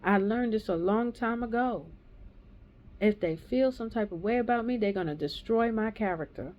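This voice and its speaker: In a dull, lo-fi recording, a woman in her thirties or forties with a medium-pitched, slightly mellow voice gives a raw, angry personal testimony. She rants heatedly and swears a lot.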